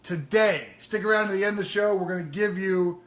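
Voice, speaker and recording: A man's voice: sits high, fairly quick, fairly bright tone, reverberant. A man co-hosting a live show in casual, joking chat, swearing freely. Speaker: co-host.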